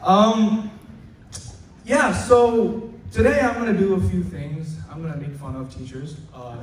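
A male student in his late teens doing stand-up comedy at school, chatty and stammering, loudly acting out his teachers. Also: sits high, unhurried. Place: school hall with an audience. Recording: echoey hall recorded from far off. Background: audience laughter and room noise.

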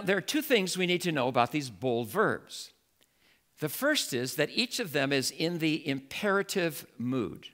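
A male pastor preaching a sermon in an animated way, building to emphatic exclamations. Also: a little high.

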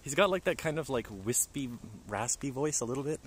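A man's voice: mid-range voice, expressive, brisk, a little hiss or hum. A man livestreaming in a park forest, chatting and joking with his viewers. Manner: chatty, jokey, talks to viewers. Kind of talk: casual livestream chat.

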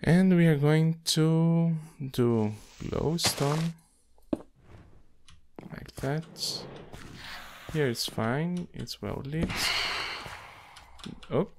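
Slow, gravelly man muttering through gameplay. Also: fairly high pitch. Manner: muttering to himself while playing, slow and halting. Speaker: gameplay commentator. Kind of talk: casual gameplay commentary. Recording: noisy home recording with keyboard and mouse clicks.

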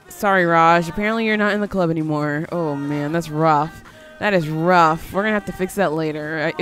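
A woman giving casual let's-play commentary, chatty and easily surprised, coaxing her game character along. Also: lowish voice. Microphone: headphones on, desk mic.

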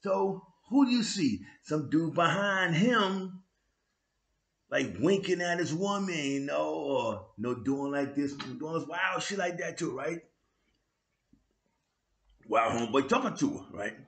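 A man with a New York accent hosting his own vlog, telling a street story in slang with sound effects and loud bursts. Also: a little high, echoey room. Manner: animated street slang with frequent "you know what I'm saying". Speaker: vlog host. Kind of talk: casual storytelling monologue.

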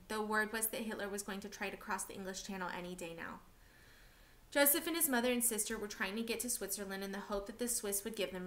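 A woman reading a novel aloud for a class, steady and expressive. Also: mid-range voice.

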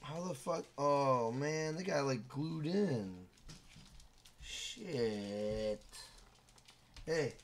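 A man live-streaming a video game, loud and casual, swearing often and scolding his son between comments to the chat. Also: mid-range voice, animated, very slow, long pauses, slight background noise. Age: adult with a school-age son.

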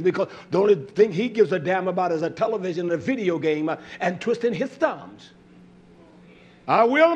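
A man preaching a sermon, repeating phrases for emphasis and swinging between loud outbursts and low muttering, with a scornful edge.

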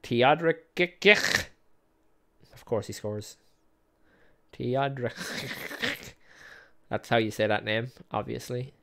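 A man's voice: on the low side, fairly even intonation, slow pace, creaky, long pauses, a bit bright, a little hiss or hum. A man hosting a gaming video, calling the match play by play in a chatty, self-mocking way and laughing often. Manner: calls match action play by play. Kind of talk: casual let's-play commentary.

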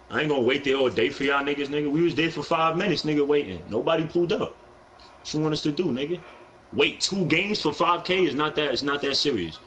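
A young man with a New York accent trash-talks his way through a live basketball game stream, aggressive and profane. His voice is bright and pitched a bit high, and it leaps up and down as he hypes himself up. A faint hum of noise sits under the recording. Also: low-quality recording. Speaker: gaming streamer.

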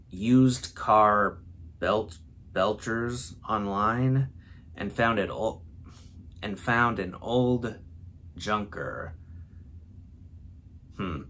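Slow-talking man reading a silly story. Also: lowish voice, a bit bright. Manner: breaks into laughter mid-read, stumbling over silly words. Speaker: host. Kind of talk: comedic read-aloud of a word-game story.

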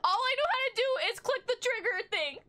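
High, bright, giggly young woman. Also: lively intonation, brisk. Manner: giggly, goes quiet when spooked. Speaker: gamer playing a game for the first time. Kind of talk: casual let's-play chat.

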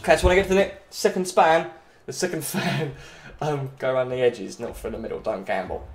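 A man giving casual commentary while he plays a video game, chatty and excitable. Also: medium pitch. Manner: excitable, chatty, quick cries and laughs. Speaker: gaming channel host. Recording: roomy echo, faint game music.

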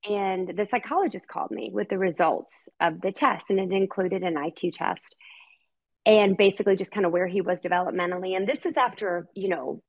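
A woman's voice: medium pitch, brisk. A middle-aged woman, telling a personal story as a podcast guest in an earnest, heartfelt way, often repeating words for emphasis.

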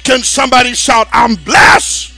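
A male pastor preaching a shouted sermon, chanting and calling for responses with short "uh" breaks. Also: very high-pitched, fairly even intonation, a little slow, creaky. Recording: preaching over music.

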